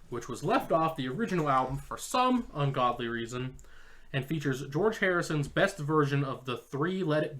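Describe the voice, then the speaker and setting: A man's voice: on the high side, a bit bright. A man co-hosting a casual podcast, reading his notes on an album and joking with friends while chewing an apple. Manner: joking, profane, reads notes quickly. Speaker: podcast co-host. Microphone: home podcast mic, eating apple.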